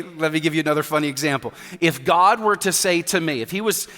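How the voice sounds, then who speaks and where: A man's voice: on the high side, fairly bright tone. A male pastor preaching a sermon, emphatic, repeating key points, with light humor. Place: church sanctuary. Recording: reverberant church hall.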